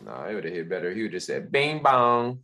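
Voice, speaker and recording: A man's voice: fairly low pitch, sing-song, moderate pace, a crowd in the background. A laid-back man chatting casually about a show, slangy and laughing a lot. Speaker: show recap co-host. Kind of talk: casual reaction chat.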